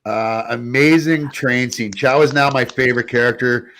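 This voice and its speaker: A man's voice: medium pitch, fairly even intonation, normal speed, fairly bright tone. A man hosting a casual show, retelling scenes and often laughing as he talks. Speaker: podcast host. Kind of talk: casual review chat.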